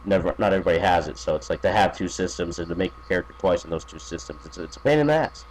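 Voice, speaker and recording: A man's voice: low voice, racing, a little hiss or hum, rough recording. A man chatting as a podcast guest, rambling with many fillers, restarts and profanity. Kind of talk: casual podcast chat.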